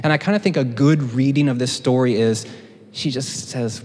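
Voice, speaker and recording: A man's voice: mid-range voice, normal speed, a little mellow, slight background noise. Man preaching in a reverberant hall. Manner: conversational, joking asides. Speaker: teaching pastor. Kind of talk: sermon teaching.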